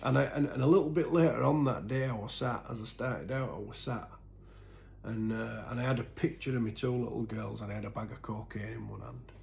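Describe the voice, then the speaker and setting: A man telling his own story in an earnest, halting way, full of restarts, and sometimes sinking to a near-whisper. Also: medium pitch, steady tone, slight background noise. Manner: sinks to a soft, breathy near-whisper at painful moments. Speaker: recovery vlogger. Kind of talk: personal confessional storytelling.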